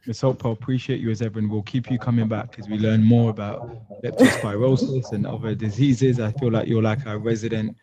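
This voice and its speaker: A man's voice: fairly low pitch, fairly even intonation, a little fast, crowd noise. A man hosting a live-stream talk show, chatty, talking straight to his chat. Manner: chatty, addresses the chat directly. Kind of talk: casual live-stream commentary. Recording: dull lo-fi, dry.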